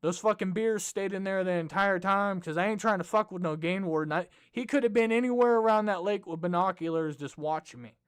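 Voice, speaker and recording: Male comedy host, high and smooth voice, swears a lot, rambles through his stories. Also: fairly quick, few pauses. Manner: profane, rambling storyteller. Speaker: podcast host. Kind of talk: casual comedic commentary.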